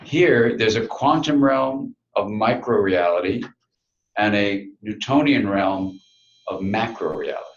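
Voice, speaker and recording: Low-voiced man giving a reflective talk. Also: reverberant, highs cut off. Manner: storytelling, reflective, quiet dramatic pauses. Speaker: speaker. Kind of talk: talk to an audience.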